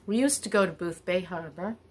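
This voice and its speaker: A middle-aged woman telling stories in a chatty, wandering way with animated asides. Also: fairly low pitch, a little fast, husky. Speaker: vlogger. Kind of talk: casual storytelling.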